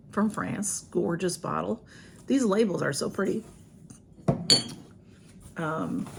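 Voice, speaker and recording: A woman's voice: mid-range voice, gravelly, a little hiss or hum. A woman, chatting casually through an unboxing with lots of ums and restarts. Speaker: vlogger. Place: home room with a ring light.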